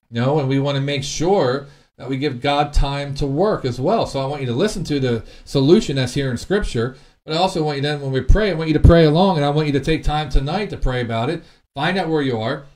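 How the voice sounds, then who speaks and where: Male preacher, mid-pitched voice, earnest sermon teaching, loud scripture reading, quiet reflective asides, repeats words. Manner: repeats words and restarts often. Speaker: pastor.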